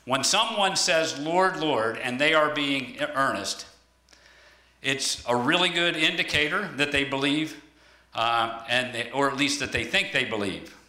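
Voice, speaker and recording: Man, preaching, very bright tone, hesitant with ums, echoey church room. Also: mid-range voice, unhurried. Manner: conversational, searching, with many ums and restarts. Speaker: lay preacher. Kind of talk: sermon. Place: church hall.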